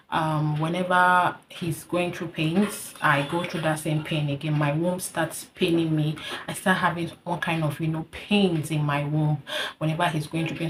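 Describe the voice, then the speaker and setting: A young woman with a Nigerian English accent, telling a personal story in an earnest, heartfelt vlog, repeating herself and pausing with fillers. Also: low voice, slight background noise. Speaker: vlogger sharing a personal story. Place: hot indoor room.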